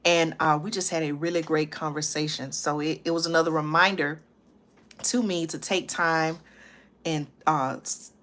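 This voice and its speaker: A woman hosting her own live stream, chatting casually with viewers and often checking in with a quick "okay?" between thoughts. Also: sits low, steady tone, fairly bright tone. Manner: chatty, tags lines with "okay?" and "y'all"; drawn-out fillers and restarts. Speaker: livestream channel host. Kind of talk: casual livestream chat to viewers.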